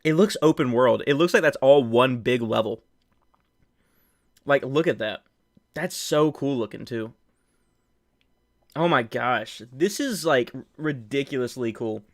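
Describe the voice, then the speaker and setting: A young man streaming live from home, reacting with loud excitement and laughter, with faint music behind. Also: medium pitch, a little slow, pauses often. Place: home room.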